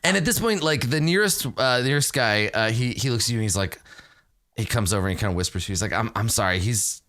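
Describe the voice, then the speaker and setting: A man's voice: medium pitch, animated, quick pace, fairly bright tone. A man running a tabletop game as game master, narrating casually and laughing often.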